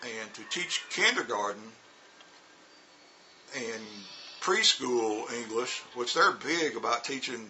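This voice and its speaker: A man's voice: medium pitch, lively intonation, slow, long pauses, sharp tone, a little hiss or hum, rough recording. A middle-aged man vlogging in a casual monologue about teaching, rambling, repeating words and using lots of fillers. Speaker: vlogger and former teacher in China.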